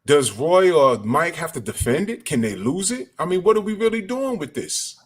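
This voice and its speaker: A man's voice: fairly high pitch, big pitch swings, normal speed, husky. A man giving an angry, profane rant as a boxing commentator. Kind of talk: ranting commentary.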